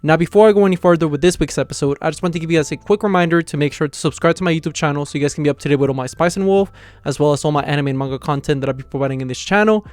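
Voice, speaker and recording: A man with a slightly higher voice races through a casual anime episode recap, leaning heavily on "you know" and "like". His voice comes across smooth and clean. The recording is dry and close, with no room sound. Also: rapid-fire, a little mellow, no room sound. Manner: stumbles and restarts on words. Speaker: anime reviewer, channel host. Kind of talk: casual episode reaction review.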